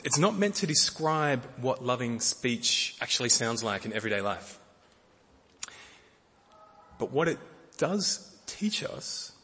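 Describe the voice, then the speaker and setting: A middle-aged man preaching a sermon in a gentle way, often repeating words and using fillers. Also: mid-range voice, slightly rough. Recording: long hall reverb.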